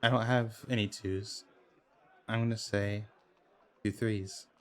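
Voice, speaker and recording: A man playing a dice game in a video game, commenting casually and reacting loudly to close calls with laughs and swearing. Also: lowish voice, fairly even intonation, takes it slowly. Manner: reads in-game dialogue aloud in plain voice. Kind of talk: casual let's play commentary.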